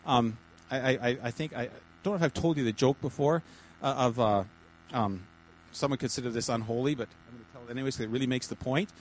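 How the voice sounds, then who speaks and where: A man, a pastor, giving informal teaching to a small church group in a halting, chatty way, with many repeated words and restarts. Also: medium pitch, a little hiss or hum, rough recording. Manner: chatty, jokey asides.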